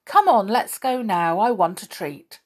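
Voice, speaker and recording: A woman voicing a deaf, cranky old man in a storybook with a very high squeaky voice. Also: sing-song, a little slow. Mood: grumpy.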